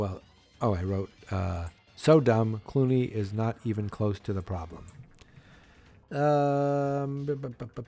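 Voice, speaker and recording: A man's voice: medium pitch, dark tone. A man hosting a podcast, casually recapping a movie in a rambling way and acting out lines in silly voices. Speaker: podcast host. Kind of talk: casual movie review chat.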